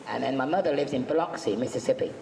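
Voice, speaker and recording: A man's voice: medium pitch, fast, vocal fry, mellow. Chatty man telling jokey stories in an echoey hall. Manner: jokey, chatty, acts out quotes. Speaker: convention panel guest. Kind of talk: anecdotal storytelling to a live audience. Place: convention hall. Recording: echoey hall, faint background noise.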